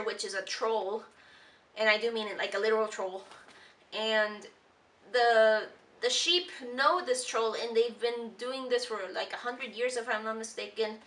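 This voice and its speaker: Chatty woman vlogger, bright and distant. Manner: rambling with many ums and restarts; quotes characters in high playful voices. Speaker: vlogger reviewing a cartoon. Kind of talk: casual commentary.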